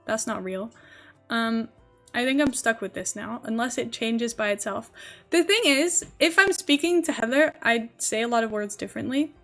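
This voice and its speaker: A woman's voice: a little high, normal speed, fairly bright tone, faint music behind. A young Dutch-born woman streamer with a mixed American-British accent, chatting casually in a rambling way with lots of fillers. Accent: mixed Dutch-born English, partly American, partly British. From Netherlands. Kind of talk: casual chat while game streaming.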